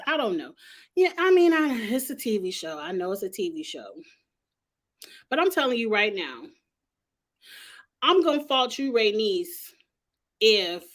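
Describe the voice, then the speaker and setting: This woman's voice sits at a medium pitch with a fairly bright tone. As a TV reviewer, she delivers casual, sassy commentary, addressing the characters straight on in blunt, slangy speech.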